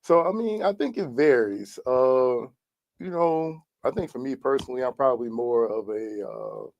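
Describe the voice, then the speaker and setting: A man's voice: mid-range voice, big pitch swings, normal speed, vocal fry, darkish tone, dry recording, dull audio. A man in a casual podcast chat, thinking aloud with many fillers. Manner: reflective, filler-heavy talk.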